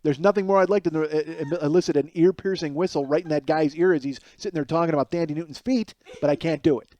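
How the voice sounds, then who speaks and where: A man in his forties hosting a podcast, telling a comic story alone in an animated, profane, self-mocking way. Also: a little high, quick pace. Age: 40s. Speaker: podcast host. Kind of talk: solo comedic storytelling.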